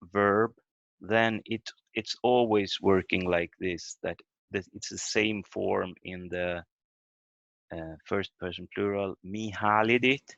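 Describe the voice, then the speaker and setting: Low gravelly guy teaching a language class online, slow and halting, dull dry call audio. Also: a bit bright, no room sound. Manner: halting, explains step by step with many fillers. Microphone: computer mic on a video call.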